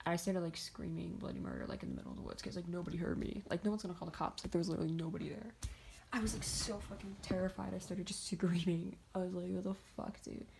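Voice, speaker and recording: A woman's voice: lowish voice, big pitch swings, fast talker, vocal fry, a little mellow, a little hiss or hum. A young woman from the Pittsburgh area telling a story in a casual, rambling way, full of fillers and swearing. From greater Pittsburgh area. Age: young adult. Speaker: vlogger.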